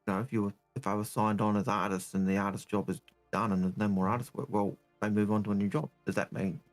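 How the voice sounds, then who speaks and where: A man's voice: lowish voice, steady tone, quick pace, faint music behind. A man co-hosting a casual gaming podcast, who talks in a hesitant, repetitive way and turns blunt and heated when annoyed. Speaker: co-host.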